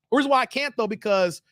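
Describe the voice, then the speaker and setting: A man in his thirties hosting a casual live stream, animated and laughing often, his voice a little strained from long streaming. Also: extremely high pitch, no echo, studio quality. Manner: animated, laughs often, breaks into playful sung bits. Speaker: live stream commentary host. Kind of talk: casual live stream chat reading donations.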